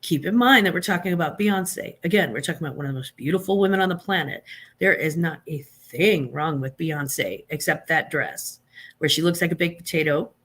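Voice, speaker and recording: A woman's voice: sits low, a little fast, fairly bright tone, breathy edge. Sassy, blunt woman reviewing fashion. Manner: sassy, blunt and sarcastic, with frequent fillers and restarts. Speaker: fashion commentator hosting a live stream. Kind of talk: casual opinionated live chat.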